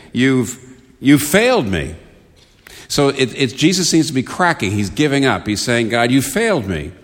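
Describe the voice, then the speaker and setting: A man with a fairly low voice delivers a sermon, earnest and emphatic. He builds up to sudden emphatic peaks. The sound carries a long reverb, as in a large church sanctuary. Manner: earnest, emphatic preaching with rising intensity. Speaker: pastor.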